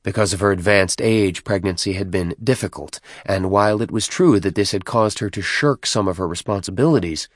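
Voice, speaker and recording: A man reading a novel aloud as narrator, in a measured, even storytelling manner. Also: sits low, dry recording, studio quality. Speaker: audiobook narrator. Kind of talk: scripted narration.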